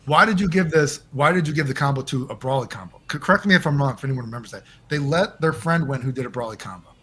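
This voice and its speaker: A man as the guest in a casual interview over a call, rambling and animated and swearing often. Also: mid-range voice, fast, slight background noise.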